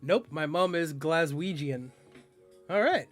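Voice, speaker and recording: A man's voice: a little high, expressive, takes it slowly, soft background music. A male streamer in casual live-stream chat, joking with his viewers and tripping over tricky words.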